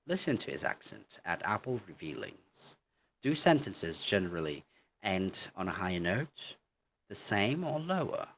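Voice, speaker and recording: A man teaching an online English lesson, explaining deliberately and often checking in with "okay?". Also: lowish voice, sing-song, a bit bright, slight background noise.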